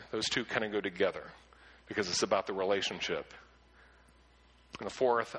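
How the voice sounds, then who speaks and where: A male pastor preaching with a bright, forceful tone at an ordinary middle pitch. He is earnest and often stumbles over repeated words as he begins a thought. When he reads scripture he slows down and stresses each phrase. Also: fairly even intonation, rough recording. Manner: slows down to read scripture with emphasis. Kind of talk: sermon with scripture reading.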